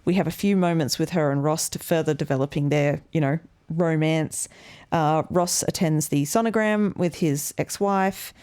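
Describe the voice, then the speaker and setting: A woman's voice: sits low, normal speed, darkish tone, clean tone. A young woman co-hosting a podcast in casual chat, playful and chatty, often laughing and trailing off with fillers. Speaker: podcast co-host.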